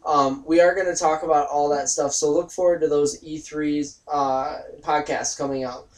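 A young man hosting a casual gaming podcast from a home bedroom, upbeat and quick to laugh. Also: on the high side, steady tone. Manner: upbeat, laughs often, plugs upcoming shows. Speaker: podcast host.

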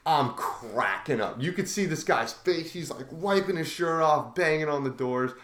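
A young man co-hosting a podcast, telling a story in casual chat, animated and swearing freely. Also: fairly high pitch, normal speed. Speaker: podcast co-host. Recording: echoey room.

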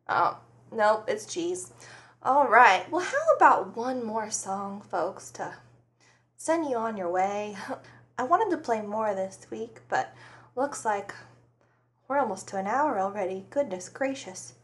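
A woman's voice: on the high side, very animated, slow, pauses often. A woman hosting a casual radio show from her farm, chatting, laughing often and talking to her animals. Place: farm home studio with dogs nearby.

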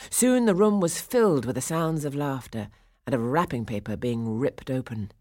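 A woman narrating a classic storybook with a low, deep voice. Her telling is expressive and measured, with a lively, rising and falling melody. The sound is dry and close to the mic. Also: no room sound.

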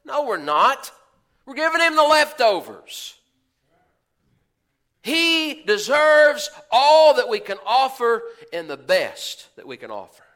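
Bright high-voiced folksy preacher man. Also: sing-song, slow. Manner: folksy, preaching with rhetorical questions and asides; acts out quoted voices of churchgoers. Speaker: pastor. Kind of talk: sermon.

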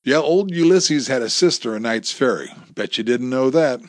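A man doing a gruff, taunting gunman. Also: medium pitch, expressive, moderate pace, no echo, studio quality, pitched above the performer's own voice, natural voice. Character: menacing male gunman, cocky storyteller.

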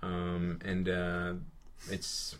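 Casual male podcast co-host, lowish voice, halting delivery with repeated words, quick to laugh. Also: monotone, a bit bright. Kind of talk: casual chat.

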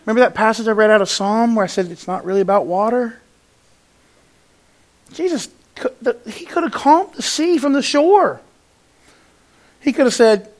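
A man preaching a sermon to his congregation, moving between raised, emphatic passages and quiet, hushed ones, and acting out the lines he quotes. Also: sits high, fairly quick, long pauses. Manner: animated, swings from loud to hushed, acts out quotes. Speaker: pastor.

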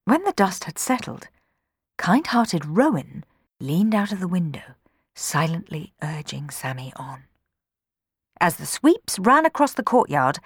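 A woman reading a children's storybook aloud in an expressive way, changing her voice for the characters. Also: lowish voice, slightly rough, no room sound, studio quality.

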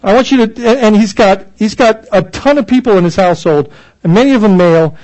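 A man's voice: high voice, a little fast, a little mellow, low-quality recording. A man preaching a sermon, reading scripture aloud and explaining it in an earnest, emphatic way, often restarting his phrases. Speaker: pastor.

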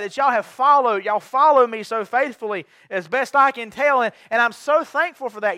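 A man's voice: very high voice, pushed and bright, no room sound, clean studio sound. A young man preaching a sermon as pastor, fervent and given to repeated rallying cries. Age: young adult. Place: church sanctuary.

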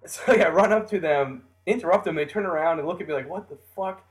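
An American man telling a long personal story in a casual podcast chat, animated and often laughing as he acts out the people in it. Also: fairly high pitch, fast talker. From United States.

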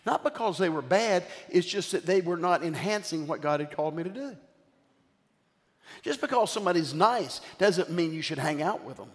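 An older man preaches in a large church, his voice sitting a little high as he tells lively stories and calls out to the congregation. The long reverb of the hall trails after his words. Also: normal speed. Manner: animated storytelling with call-outs to the congregation. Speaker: bishop and preacher. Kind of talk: sermon.

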